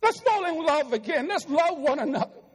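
A man's voice: very high-pitched, very animated, moderate pace. A middle-aged man preaching a sermon in a church, pleading earnestly with his listeners. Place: church sanctuary. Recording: long reverb of a church hall.

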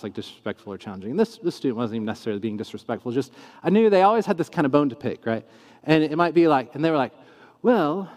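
A man teaching in a casual talk, acting out the questions he quotes. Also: medium pitch. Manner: animated, acts out quoted questions in shifting tones. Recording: long reverb in a large room.

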